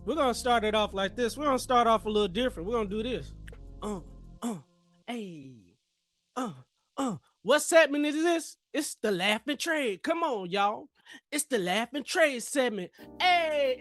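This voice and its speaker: A man with a high voice hosts a live trading stream. He talks in loose, slangy bursts, pumping up his viewers, while faint music plays underneath. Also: moderate pace. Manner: energetic, slangy, hypes the chat. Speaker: livestream trading host. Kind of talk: hype livestream chat.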